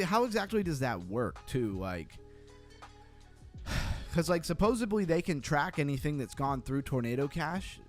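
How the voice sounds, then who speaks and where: A man hosting a livestream, giving blunt, skeptical commentary and reacting to viewer comments in a casual chat. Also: mid-range voice. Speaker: crypto livestream host.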